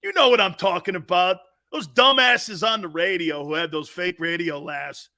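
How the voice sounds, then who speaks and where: A man's voice: high voice, normal speed, pushed and bright. A man hosting a sports talk show in a blunt, profane, mocking monologue, laughing often.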